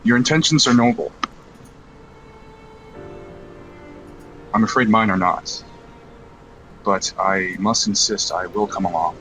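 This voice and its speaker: A man's voice: on the low side, a bit bright, soft background music, close to an everyday voice, rough recording. A formal, secretive seer, as a man voices him. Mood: probing. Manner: formal, measured, archaic phrasing. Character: secretive male seer who sees visions.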